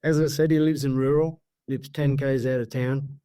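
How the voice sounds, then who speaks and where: An Australian man telling a story in a rambling, lively way, full of asides. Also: medium pitch, moderate pace, smooth, no room sound. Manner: rambling, animated, full of asides like "see?" and "mate". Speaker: guest storyteller. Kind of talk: casual storytelling.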